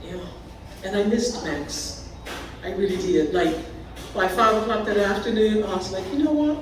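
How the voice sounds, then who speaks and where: A woman's voice: mid-range voice, noisy background. A Bermudian woman in her sixties doing stand-up, telling chatty stories at a live party and breaking into laughter. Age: 60s. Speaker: stand-up comedian. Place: party venue with a live audience. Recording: echoey room, mic from far off, audience laughter.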